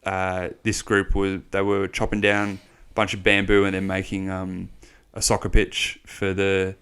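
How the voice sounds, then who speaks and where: A young Australian man co-hosting a podcast, telling a long travel story in a rambling, animated way, full of swearing. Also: sits low, a little slow, smooth. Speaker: podcast co-host. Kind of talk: casual storytelling chat.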